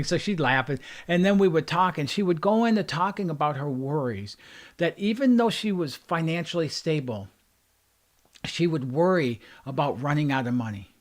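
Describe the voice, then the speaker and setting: A man's voice: on the high side, animated, normal speed. A man who works as a life coach, giving an earnest motivational talk on a livestream and driving points home with repeated phrases. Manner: earnest, repetitive emphatic phrasing.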